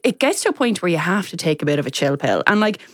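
A woman's voice: lowish voice, very animated, quick pace, no room sound, studio quality. A woman co-hosting a podcast in casual chat, speaking with emphatic exasperation. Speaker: podcast co-host.

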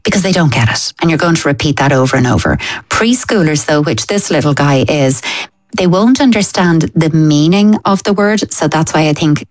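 A woman, giving calm, practical parenting advice on a talk show. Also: deep voice, normal speed, no echo. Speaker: parenting expert. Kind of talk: advice on a radio phone-in show.

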